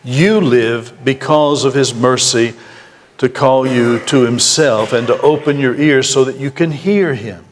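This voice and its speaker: A man's voice: medium pitch, unhurried, a little hiss or hum. Man preaching in a reverberant church. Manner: earnest, repeats key phrases for emphasis. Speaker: pastor. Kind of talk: sermon. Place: church sanctuary. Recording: church sanctuary with long reverb.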